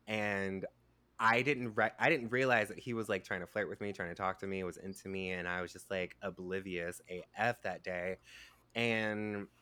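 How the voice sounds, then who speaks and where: Rambling low-voiced man, dry sound. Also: steady tone, normal speed, bright, forceful tone, clean tone, dry recording. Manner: rambling, many "like" fillers. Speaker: podcast guest. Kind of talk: casual chat.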